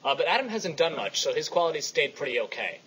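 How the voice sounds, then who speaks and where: Animated, bright-voiced young man. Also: a little high, fast talker, a little hiss or hum, low-quality recording. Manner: playful, animated storyteller. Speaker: podcast co-host. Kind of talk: casual gaming chat.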